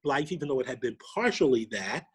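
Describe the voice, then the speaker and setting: A middle-aged man from New York, a podcast guest, telling a personal story with lively quoted dialogue. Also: mid-range voice, brisk, husky. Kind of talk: storytelling interview.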